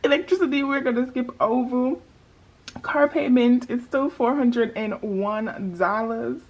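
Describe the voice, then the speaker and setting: A woman's voice: on the high side, a little slow, lo-fi sound. A woman budgeting vlogger chatting casually to her viewers in a sassy, playful way with joking asides.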